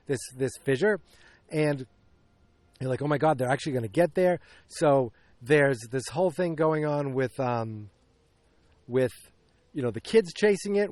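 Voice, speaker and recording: A man's voice: fairly high pitch, darkish tone, dry recording. A man hosting a podcast, recapping a film casually, rambling with many restarts and acting out bits of dialogue. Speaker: podcast host.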